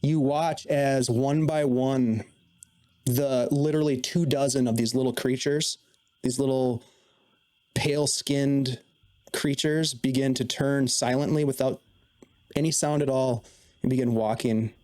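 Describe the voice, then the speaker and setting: A man narrating a tabletop game as dungeon master, with measured, descriptive delivery. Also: medium pitch, steady tone, a little mellow.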